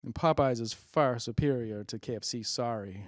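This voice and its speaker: A man's voice: mid-range voice, normal speed, dry recording, studio quality. A middle-aged man hosting a stand-up comedy monologue, rambling with self-deprecating, muttered asides. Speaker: comedian host.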